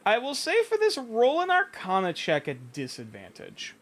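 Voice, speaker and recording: A man running a tabletop game as game master, animated and sometimes hesitant as he checks rulings. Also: extremely high pitch, normal speed.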